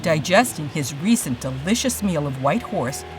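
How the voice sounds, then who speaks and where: A storyteller giving a dramatic, expressive storybook narration. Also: mid-range voice, moderate pace. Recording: distant voice over loud music.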